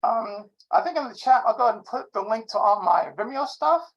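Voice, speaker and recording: A man's voice: very high voice, expressive, fairly quick, lo-fi sound. A man in his sixties on a video call, chatting in a friendly, rambling way as a caller. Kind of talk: casual chat.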